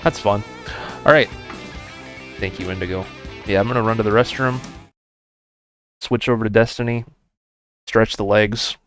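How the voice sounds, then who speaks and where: A man's voice: lowish voice, moderate pace, long pauses, over music. A male game streamer in casual live-stream chat, upbeat and talking to his viewers. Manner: upbeat, chatty, talks to viewers.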